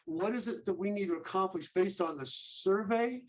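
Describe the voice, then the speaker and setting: With a high voice at normal speed, a ministry leader guest walks an interviewer through steps, earnest and full of rhetorical questions, frequently restarting what he says. The audio is lo-fi.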